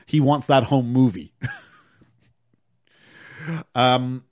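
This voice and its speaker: A man casually recapping a movie on a podcast, telling it with lively energy and acting out lines in high voices. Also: extremely slow. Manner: animated storytelling, acts out quotes in raised voices.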